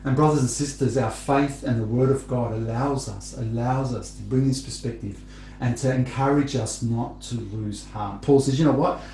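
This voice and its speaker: A man preaching a sermon to his congregation. He talks in a conversational way, repeats phrases and gets animated when he tells stories. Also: medium pitch, moderate pace, reverberant, slight background noise, rough recording.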